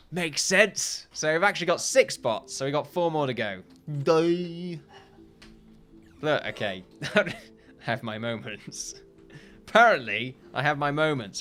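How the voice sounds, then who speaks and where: A man's voice: medium pitch, a bit bright. Rambling, self-mocking man playing a game. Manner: rambling, joking, often laughing at himself. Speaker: gaming video host. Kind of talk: let's play commentary.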